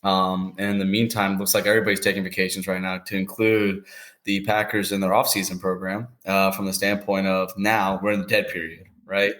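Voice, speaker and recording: Deep laid back guy, easy chat on sports radio, lots of likes. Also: little pitch movement, brisk, a bit bright. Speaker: guest co-host. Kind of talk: casual sports talk.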